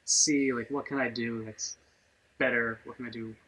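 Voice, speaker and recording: A man's voice: mid-range voice, level tone, moderate pace, pushed and bright. A man co-hosting a podcast in casual chat, rambling along with lots of fillers. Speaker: podcast co-host. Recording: muffled lo-fi audio with faint noise.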